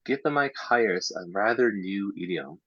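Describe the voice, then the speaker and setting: Male workshop presenter, deep and husky, casual explainer for teachers, dull lo-fi recording. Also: lively intonation, moderate pace, dry recording. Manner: explains step by step, drops into soft half-whispered asides. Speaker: English teacher trainer. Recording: dull lo-fi sound.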